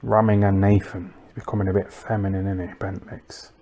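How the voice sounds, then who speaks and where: Deadpan crude man, low voice. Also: a little fast, muffled recording. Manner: deadpan, crude and mocking, full of tag questions. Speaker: comedic livestream host. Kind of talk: rambling comic monologue.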